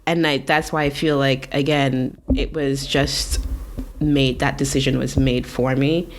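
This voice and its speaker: A woman from Canada, a tattoo artist guest, telling her story in a relaxed, casual way, full of likes and ums and acted-out quotes. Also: a bass voice, unhurried, a little hiss or hum.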